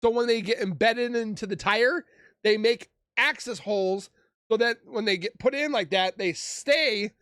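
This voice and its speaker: A man hosting a reaction video, chatting casually and blurting quick reactions to what he watches. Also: sits high, a bit bright, clean tone, no echo, studio quality. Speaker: reaction channel host.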